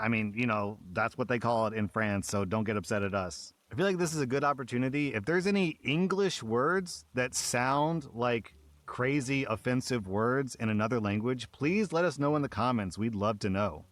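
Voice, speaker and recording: An American man giving casual, animated commentary on stories, jumping into mock outraged voices. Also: medium pitch, no echo. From United States. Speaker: host reading and reacting to online stories.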